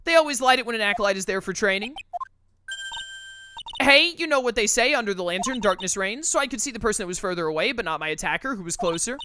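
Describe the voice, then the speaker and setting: A woman's voice: mid-range voice, lively intonation, fast, background noise, close to an everyday voice. A woman reading the lines of a frazzled, scatterbrained young woman testifying as a witness, stammering and flustered. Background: game music.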